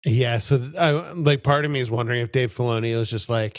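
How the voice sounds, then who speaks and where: A man's voice: mid-range voice, fast, hardly any pauses, no room sound, clean studio sound. A man co-hosting a podcast, chatting casually and enthusiastically, laughing often and using lots of fillers. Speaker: podcast co-host. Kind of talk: casual chat.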